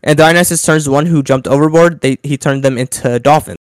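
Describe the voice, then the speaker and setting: A man's voice: a little high, a little fast, no echo. A man co-hosting a podcast, telling a story in a casual, playful, rambling way. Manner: playful, rambling, self-interrupting. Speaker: podcast co-host.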